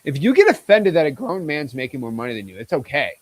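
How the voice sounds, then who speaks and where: A man in his twenties hosting a casual livestream, talking in a hyped, boastful and excitable way. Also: on the high side, quick pace. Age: 20s. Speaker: host.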